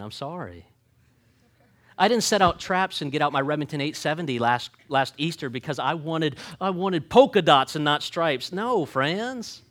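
A man preaching a sermon, folksy and joking, swinging from quiet asides to loud emphatic points. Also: a little high. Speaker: pastor.

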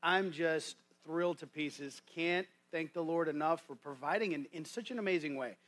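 A man whose voice sits slightly high for a male gives a guest sermon in a church sanctuary, speaking at a moderate pace with a fairly bright tone. His style is homespun and conversational, and he frequently starts his sentences over.

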